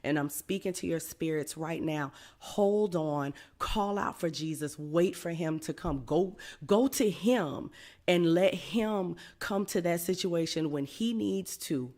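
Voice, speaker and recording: A woman hosting a podcast, retelling a Bible story in a casual, animated way and pleading with her listeners to hold on. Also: on the low side, slow pace. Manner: animated storyteller, acts out quotes; pleading, encouraging. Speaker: podcast host. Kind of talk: conversational Bible teaching.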